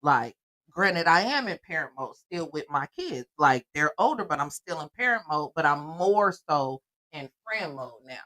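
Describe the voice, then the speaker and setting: A middle-aged woman chatting casually as a podcast co-host, blunt and animated, often laughing. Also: low-pitched, normal speed. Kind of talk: casual chat.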